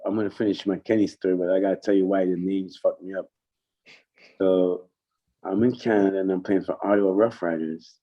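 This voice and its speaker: A middle-aged man telling stories in casual chat, animated and swearing freely, and mimicking other people in high voices. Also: brisk. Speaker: guest. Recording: dull lo-fi sound.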